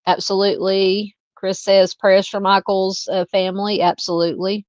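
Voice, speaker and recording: A woman's voice: mid-range voice, level tone, moderate pace, dry recording, highs cut off. A woman with a Southern US accent hosting a true-crime live stream, chatting casually and reading out viewer comments. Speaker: livestream host.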